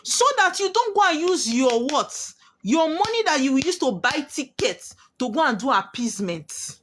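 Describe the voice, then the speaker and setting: A woman's voice: high-pitched, big pitch swings, normal speed, slight background noise. A woman, a spiritualist delivering emphatic, preachy warnings straight to her viewers and repeating key lines for weight. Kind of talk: prophetic monologue to viewers.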